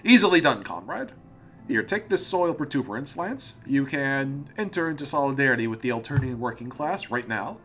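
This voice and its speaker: A man's voice: medium pitch, big pitch swings, moderate pace, fairly bright tone. A man voicing a cheerful, zealous male communist alien troll in a put-on Russian accent, preachy and rousing. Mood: jovial. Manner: rousing, preachy, addresses listener as comrade.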